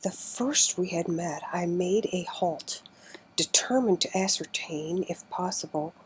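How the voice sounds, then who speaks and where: A woman reads an old adventure book aloud at a slow, careful pace. Her voice sits a little low and sounds husky and breathy. Now and then she sinks almost to a whisper. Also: darkish tone, rough recording. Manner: slow, careful reading, often drops to near whisper. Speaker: narrator. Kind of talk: audiobook reading.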